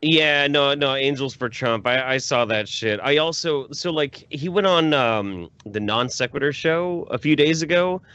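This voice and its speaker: A man talking in casual podcast banter, animated and profane, sometimes bursting into loud shouting. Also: mid-range voice, unhurried, hardly any pauses, dry recording, muffled recording. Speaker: guest.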